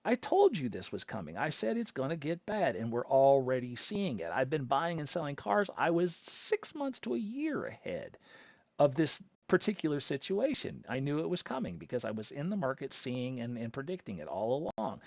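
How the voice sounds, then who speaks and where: A man's voice: medium pitch, sing-song, normal speed, vocal fry, darkish tone, no echo. A middle-aged man hosting a show, telling a long personal story in a casual, rambling way that circles back on itself. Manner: rambling, chatty, self-interrupting storyteller. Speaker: host. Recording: dull lo-fi dry recording.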